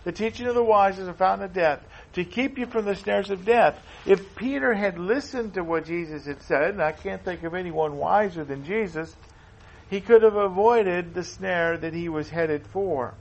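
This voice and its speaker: A man's voice: high voice, moderate pace, gravelly, highs cut off. A man preaching a sermon in an earnest way, often repeating himself and reading scripture aloud.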